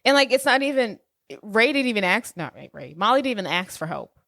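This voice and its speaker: A woman co-hosting a podcast in casual chat, animated and quick to laugh, acting out quotes as she retells scenes. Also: fairly high pitch, gravelly, no room sound, clean studio sound. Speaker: podcast co-host.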